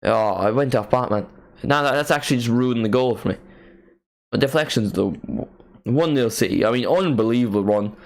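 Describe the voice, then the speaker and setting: A man hosting a live match watchalong, giving casual play-by-play commentary with jokey asides and excited calls. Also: medium pitch, normal speed.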